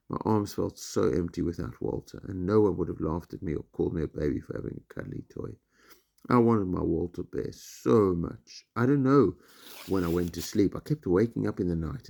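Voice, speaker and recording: A man, a teacher reading a children's book aloud in a lively storytelling way. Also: low voice, creaky. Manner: lively storytelling, voices for each character.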